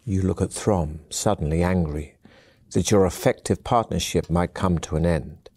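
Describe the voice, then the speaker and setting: A man narrating a fantasy video game in scripted second person, in a calm, measured storytelling manner. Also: low voice.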